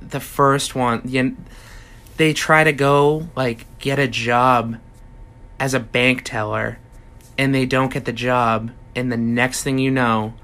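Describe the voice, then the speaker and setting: Slow-talking profane ranting man. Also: mid-range voice, bright, forceful tone. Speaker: podcast host. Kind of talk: comedic rant monologue.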